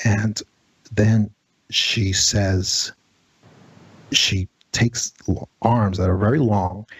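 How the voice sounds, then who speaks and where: Male radio guest, low husky voice, halting dramatic storyteller, dry close sound. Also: no echo. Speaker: guest, former federal agent. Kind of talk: telling a paranormal story on a radio show.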